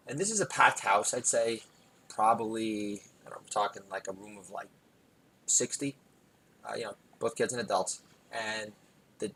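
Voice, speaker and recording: A man hosting a comedy podcast, telling a digressive, self-deprecating story with bursts of loud emphasis. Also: lowish voice, vocal fry, slightly rough, rough recording. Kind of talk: rambling comic monologue.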